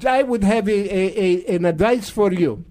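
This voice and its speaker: A man's voice: sits high, moderate pace, darkish tone, lightly acted. A man putting on a sly Russian strongman. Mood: gleeful. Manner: broken English, sly, chuckling. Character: older male Russian strongman leader, sly and menacing.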